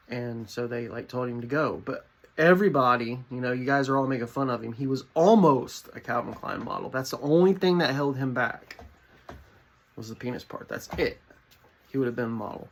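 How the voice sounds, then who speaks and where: A young adult man giving a rambling, deadpan comedic monologue to his viewers. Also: medium pitch, fairly quick. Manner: rambling, deadpan, with many fillers. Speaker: vlogger.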